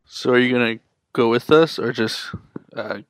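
A man's voice: medium pitch, normal speed, a bit bright, clean tone, dry recording. A man playing a tabletop game, blunt and bargaining in character. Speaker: player. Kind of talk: casual tabletop role-play.

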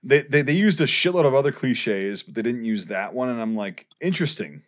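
A man's voice: mid-range voice, brisk. A man on a casual podcast, explaining details at length with frequent ums and likes and restarts. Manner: detailed explaining, hesitant with many "um" and "like". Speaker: podcast co-host with military history knowledge.

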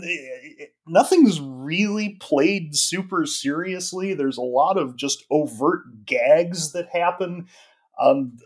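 A man in casual podcast conversation, opinionated and lively, tumbling through his thoughts with frequent restarts. His voice sits at an ordinary middle pitch. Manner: animated, opinionated, lots of "like" and restarts. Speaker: podcast co-host.

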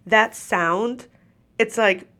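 A woman's voice: fairly high pitch, very slow, pushed and bright. A congested, stuffy-nosed woman who is short of breath, hosting a podcast as a casual rant, swearing freely and laughing as she talks into a microphone. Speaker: podcast host. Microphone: microphone while seated.

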